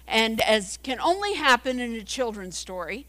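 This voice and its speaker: A woman's voice: a little high, sing-song, normal speed, a bit bright, slight background noise. A woman preaching a sermon, earnest, sometimes dropping to a whisper for emphasis.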